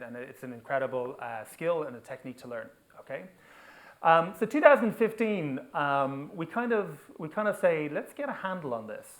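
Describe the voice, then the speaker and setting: A man giving an energetic technical talk at a conference, often checking in with the audience by asking "okay?" or "right?". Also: mid-range voice. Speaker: conference speaker. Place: conference venue.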